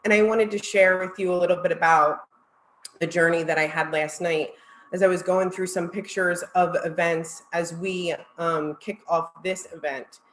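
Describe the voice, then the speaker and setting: A woman's voice: on the low side, steady tone, normal speed, roomy sound, slight background noise, rough recording. A woman presenting at a virtual conference, heartfelt and close to tears as she thanks her audience. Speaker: marketing executive presenter.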